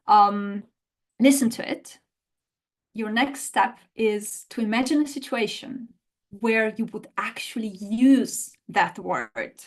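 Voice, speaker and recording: A woman teaching an online language lesson, explaining in a lively way and often rephrasing and repeating her points. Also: fairly high pitch.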